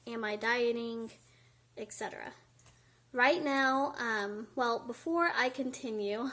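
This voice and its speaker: A woman chats candidly to her camera at home, her voice pitched a little high. She sounds slightly out of breath and fills her talk with casual "um"s. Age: 20s. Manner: chatty, candid, many fillers. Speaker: vlogger. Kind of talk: casual talking-head vlog. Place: indoors by a window at home.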